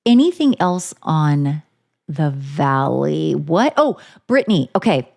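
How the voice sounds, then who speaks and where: A woman co-hosting a podcast, chatting casually in a crude, joking, animated way. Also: low-pitched, takes it slowly, vocal fry. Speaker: podcast co-host. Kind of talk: casual chat.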